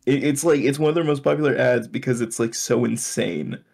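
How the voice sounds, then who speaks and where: A man's voice: medium pitch, brisk, gravelly, darkish tone. A man co-hosting a podcast, telling a rambling story in casual chat with fillers and swearing. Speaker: podcast co-host.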